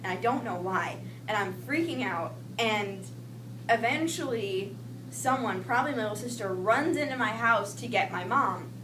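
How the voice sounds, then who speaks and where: A young woman telling a personal childhood story in a lively way, acting out the voices she quotes. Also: on the high side, moderate pace. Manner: animated, acts out quoted voices. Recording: echoey room with noise, mic at a distance.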